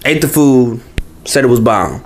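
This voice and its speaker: A man's voice: mid-range voice, lively intonation, measured pace. A man co-hosting a podcast in casual chat, laid-back and slangy, often repeating phrases. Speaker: podcast co-host.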